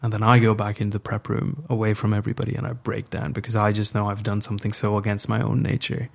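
Young man, gravelly low voice, candid and reflective, casual swearing. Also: level tone, fast talker. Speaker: guest storyteller. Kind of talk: candid personal storytelling.

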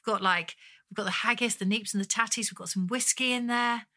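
A woman co-hosting a podcast, chatting casually and giggling often in quick bursts. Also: fairly high pitch, fairly even intonation, bright, forceful tone. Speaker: podcast co-host. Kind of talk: casual chat.

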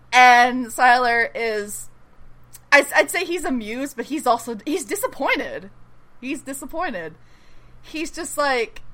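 Woman podcast host gushing over a tv episode, bright voice, bouncy pitch, laughs and swears a lot. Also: big pitch swings, measured pace. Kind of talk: casual TV episode recap chat.

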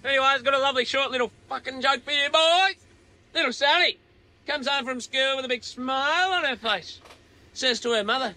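Australian man, very high voice, crude and rowdy voicemail caller. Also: fairly quick, bright, forceful tone. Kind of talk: recorded voicemail with a joke. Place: on a running tractor.

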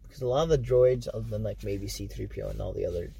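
A man's voice: on the low side, rapid-fire, gravelly, dark tone, husky, recorded from a distance. A man co-hosting a podcast, talking casually and hesitantly about movies, often stammering. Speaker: podcast co-host. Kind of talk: casual movie review chat.

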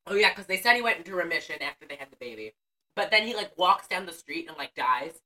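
Low-voiced, bright, sarcastic woman podcaster. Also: animated, quick pace, far from the mic. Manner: profane, sarcastic storytelling. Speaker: podcast co-host. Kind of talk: casual movie recap chat.

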